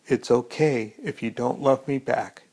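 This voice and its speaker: A man's voice: medium pitch, measured pace, a little mellow, husky. A man reading a tender young woman.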